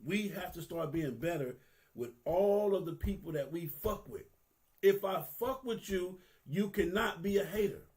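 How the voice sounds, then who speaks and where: A man's voice: high voice, darkish tone. A man, giving a candid, earnest monologue that is profane and casual, with phrases repeated for emphasis. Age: 50s. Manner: profane, street-casual talk. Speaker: vlogger.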